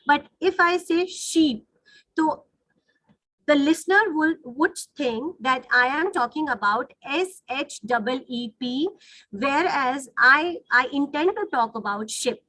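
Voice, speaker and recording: With a high, expressive voice that sounds pushed and bright, a woman teaches English phonetics online at a measured pace. The recording is low-quality and echo-free, and her explanations are dotted with frequent "right?" and "you know" checks.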